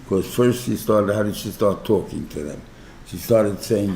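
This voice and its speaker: A New rabbi giving an informal class, talking conversationally, often checking in with "right?" and using everyday examples. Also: male voice, fairly low pitch, normal speed, gravelly, mellow, reverberant, a little hiss or hum. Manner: explains through everyday examples. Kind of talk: informal Torah class lecture.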